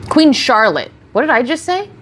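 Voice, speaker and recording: A woman's voice: high-pitched, big pitch swings, normal speed, a little hiss or hum. A woman livestreaming while getting ready, chatting casually and rambling as she answers viewers' questions on a close mic. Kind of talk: casual get-ready-with-me stream chat. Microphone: close streaming mic.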